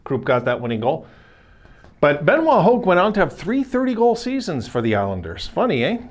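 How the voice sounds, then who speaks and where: A hockey video host, a man with a slightly high voice, talks a little fast with huge swings in pitch. He's running a casual solo video, rambling and chatty, constantly correcting himself and tossing in asides.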